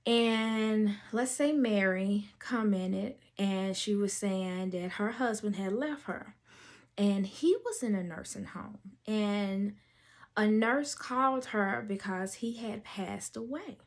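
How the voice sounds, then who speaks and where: A woman podcast host in casual storytelling chat, talking emotionally about her life before telling a nanny story. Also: medium pitch. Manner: emotional, slow and drawn out.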